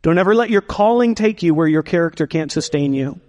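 A man preaching a sermon as pastor, building emphasis with dramatic pauses and adding playful asides to the congregation. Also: a little high, lively intonation, darkish tone, big-room sound.

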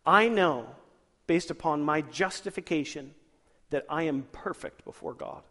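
A man preaching in a church sanctuary with a fairly high voice that carries a long hall reverb. He keeps it lively, throwing questions at the congregation and chuckling between points. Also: a little slow. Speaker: pastor. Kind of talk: sermon.

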